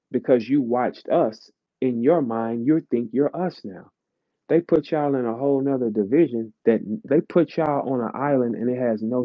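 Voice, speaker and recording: A man's voice: medium pitch, no room sound. A man, ranting bluntly and profanely in a live audio chat, lecturing his listeners. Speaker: host of an audio chat room. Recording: dull lo-fi audio chat stream.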